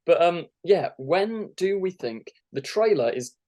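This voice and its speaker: A man's voice: sits high, expressive, unhurried, warm tone, slight background noise. A young man, a guest in a casual fan chat, eager and acting out imagined lines. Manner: enthusiastic, acts out imagined lines.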